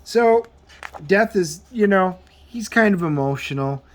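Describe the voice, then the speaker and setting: A man giving a casual comic book review as he flips through the pages, rambling and halting with plenty of filler words. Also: high voice, animated. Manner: rambling, halting, full of um and you know.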